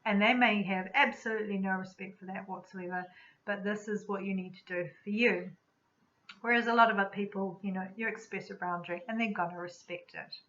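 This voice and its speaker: Woman practitioner, mid-range voice, calm reflective teaching talk, slightly muffled lo-fi sound. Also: medium pitch, fairly quick. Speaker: energy medicine practitioner. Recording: slightly dull lo-fi recording.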